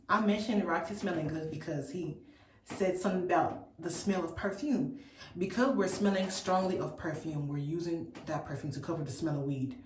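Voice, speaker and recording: A woman from Memphis telling a storytime in an animated, incredulous, chatty way. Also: medium pitch, reverberant, distant mic, slight background noise, rough recording. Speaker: vlogger. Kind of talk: storytime vlog.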